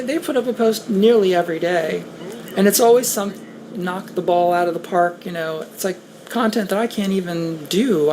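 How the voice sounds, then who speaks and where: Low-voiced hesitant woman, noisy background. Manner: hesitant, frequent restarts, rueful. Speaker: guest on a talk stream. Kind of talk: casual conversation. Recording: steady background noise.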